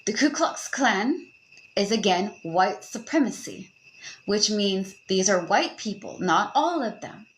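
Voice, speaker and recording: A young woman hosting a podcast, giving casual advice in an animated, joking way with frequent swearing. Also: medium pitch, a little slow, poor audio. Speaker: podcast host.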